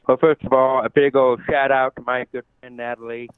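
A man's voice: mid-range voice, flat delivery, fairly quick, clean tone, no room sound. An American man with a deaf accent, speaking as a podcast guest in an earnest, effusive, grateful way. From United States. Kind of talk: casual interview talk. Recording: tinny phone-like line, dry.

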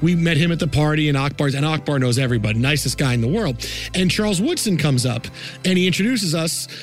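A man co-hosting a casual sports podcast, telling an animated story and acting out what people said. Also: a little high, fast talker, faint music behind. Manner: animated storyteller, acts out quotes. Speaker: podcast co-host.

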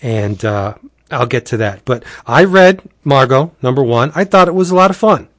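A man's voice: medium pitch, lively intonation, normal speed, no room sound, studio quality. A man from Pennsylvania co-hosting a casual podcast chat at home, jokey and prone to stumbling over his words. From Pennsylvania, USA. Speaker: podcast co-host. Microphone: home recording setup.

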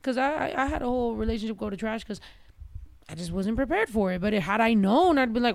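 A woman hosting a podcast, telling stories in a loud, animated way with plenty of cursing. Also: a little high, fast, vocal fry, no echo. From Mexican-American family. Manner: loud, animated storytelling with profanity. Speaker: podcast host. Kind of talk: casual chat.

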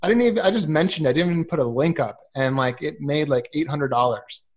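A man chatting casually as a guest on a live podcast, encouraging and thinking out loud with restarts. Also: fairly high pitch, quick pace. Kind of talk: casual live-stream chat.

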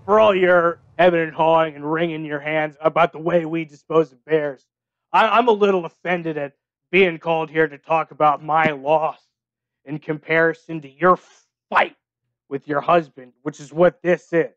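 A man's voice: a little high, moderate pace, no echo, lo-fi sound, close to an everyday voice. A man playing a former circus sideshow performer, talking bluntly and matter-of-factly in an improvised comedy podcast. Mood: deadpan. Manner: deadpan, blunt, matter-of-fact.

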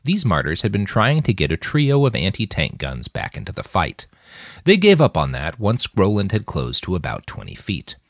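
Deep-voiced man narrating an audiobook. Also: moderate pace, no echo, studio quality. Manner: expressive storytelling.

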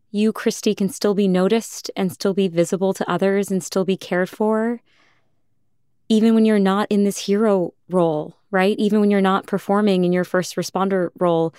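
A woman hosting a podcast, speaking gently and reflectively, affirming and questioning her guest. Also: mid-range voice, clean tone, dry recording, clean studio sound. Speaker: podcast host. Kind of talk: empathetic interview talk.

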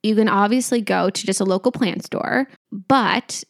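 A woman's voice: medium pitch, normal speed, vocal fry. A young woman co-hosting a podcast in casual chat, rambling and laughing often. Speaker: podcast co-host.

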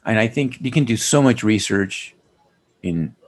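A man's voice: lowish voice, expressive, a little slow. A man co-hosting a podcast who talks in a rambling way and swears freely. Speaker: podcast co-host. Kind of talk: casual podcast chat.

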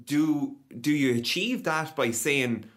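A man's voice: on the high side, takes it slowly, a bit bright. A man on a podcast who rambles, restarts his sentences and laughs often in casual chat.

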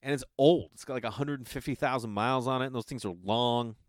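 A man's voice: medium pitch, fast, no echo, clean studio sound. A man, an actor, telling a casual anecdote in a rambling way, with a constant filler 'like'.

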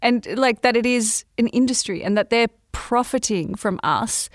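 A woman's voice: a little high, normal speed, no echo, studio quality. Playful chatty woman podcast cohost. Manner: playful and chatty, jokes then turns earnest. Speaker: podcast co-host. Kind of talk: casual chat.

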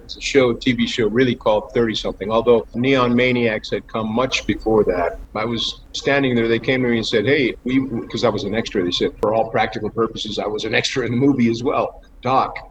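A man's voice: mid-range voice, fairly even intonation, brisk, hardly any pauses. A man guest on an interview, telling rambling stories with many fillers and laughs. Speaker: actor guest. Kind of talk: casual interview storytelling. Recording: dull lo-fi with faint noise.

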